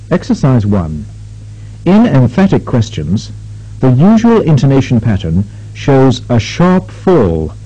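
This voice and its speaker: A man instructing a recorded pronunciation drill, speaking slowly and carefully with exaggerated intonation. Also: medium pitch, warm tone. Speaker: language lab instructor. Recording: dull lo-fi tape recording.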